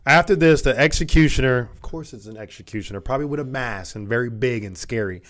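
A man's voice: mid-range voice, fast, a bit bright. A man co-hosting a casual podcast, reading notes aloud, stumbling over words and swearing freely. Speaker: podcast co-host.

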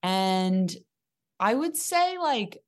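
A young adult woman comedian telling a dating story in casual podcast chat, animated and joking, with quick asides. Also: mid-range voice. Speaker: comedian guest.

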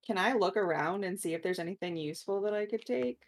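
A woman talking quickly and casually as a player in a tabletop game. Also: medium pitch. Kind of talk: casual chat.

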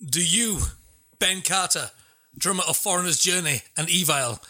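A man's voice: high voice, normal speed, bright, forceful tone. A man hosting a podcast interview, chatty and playful, laughing easily. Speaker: podcast host. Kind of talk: casual interview chat.

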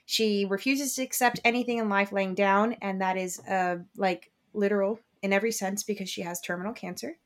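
A woman co-hosting a podcast, giving a relaxed, rambling book review full of ums. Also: medium pitch, brisk, few pauses. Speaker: podcast co-host reviewing books. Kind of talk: casual book review chat.

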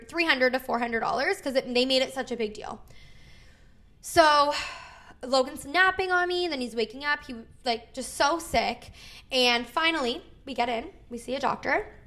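A woman's voice: high voice, sharp tone. A woman in her thirties, co-hosting a podcast, telling a story in casual chat, acting out the people she quotes and swearing freely. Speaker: podcast co-host.

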